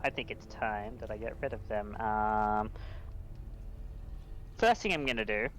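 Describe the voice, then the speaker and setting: A man's voice: fairly low pitch, a little slow, a bit bright, slight background noise. A man playing a tabletop game who methodically works through rules and numbers aloud. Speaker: player.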